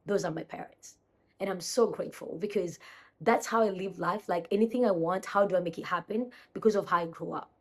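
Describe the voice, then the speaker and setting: A woman's voice: lowish voice, brisk, breathy edge. A young woman from Kenya chatting casually into her phone camera at home, rambling and correcting herself as she talks to her viewers. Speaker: vlogger.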